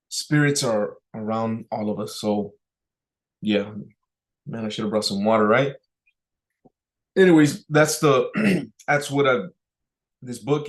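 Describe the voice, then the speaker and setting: A man of middle pitch hosts a casual talking-head vlog. He rambles and halts with many fillers and restarts, often clears his throat, and now and then leans hard on single words. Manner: pushes emphasis into words on purpose as speaking practice. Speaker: vlog host.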